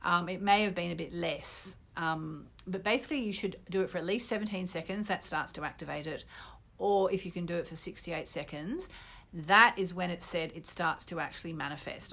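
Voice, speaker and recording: A middle-aged British woman who teaches astrology, guiding an online group through a manifestation exercise in a gently instructive way. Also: fairly low pitch. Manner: gently instructive, with bursts of loud ecstatic gratitude.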